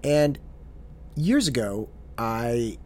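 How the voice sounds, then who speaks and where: A man tells a personal story from his tutoring work, his voice rising and falling in a lively, expressive way. He speaks earnestly and often restarts his phrases as he thinks aloud, in a middle-pitched voice. A faint hiss sits under the recording. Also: very slow. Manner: earnest, repeats his words as he talks. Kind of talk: storytelling monologue.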